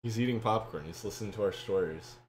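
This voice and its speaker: A man hosting a laid-back podcast, spinning anecdotes in an animated way and slipping into other people's voices. His voice bounces around a reverberant room. A faint hiss sits underneath. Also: fairly low pitch, fast talker. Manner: animated storyteller, laughs often, acts out quoted voices. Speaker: podcast host. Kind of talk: casual podcast chat.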